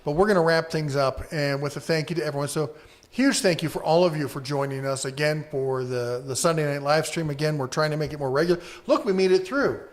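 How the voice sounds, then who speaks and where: A man's voice: on the high side, fast. A man co-hosting a casual live-stream podcast, rambling easily and reading viewer comments aloud.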